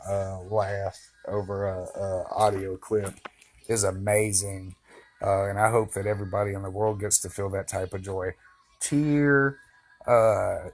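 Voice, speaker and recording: A man vlogging a casual, meandering monologue to camera, full of fillers and joking asides but candid and reflective. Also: lowish voice.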